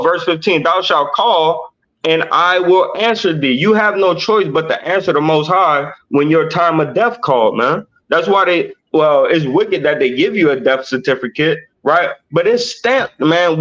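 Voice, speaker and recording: A man leading a Bible study livestream, explaining slowly and checking in with "right?" after nearly every point. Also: fairly high pitch, fairly bright tone, highs cut off. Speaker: teacher.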